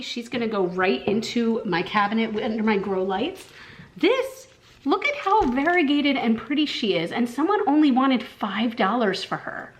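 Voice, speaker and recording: A woman with a Southern American accent chatting casually in a vlog, gushing and excitable, with lots of fillers. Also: fairly high pitch. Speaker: vlogger.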